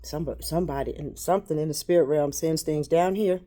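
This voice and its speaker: Woman, low-pitched, rambling spiritual talk; halting, repetitive, shifts between hushed and loud. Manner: halting, repeats words.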